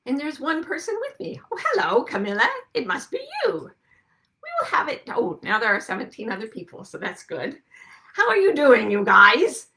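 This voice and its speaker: A woman's voice: fairly high pitch, big pitch swings, normal speed, creaky, pushed and bright. A woman hosting a casual live video broadcast, chatting and greeting viewers with frequent laughs. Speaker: host. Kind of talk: casual chat. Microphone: video call webcam.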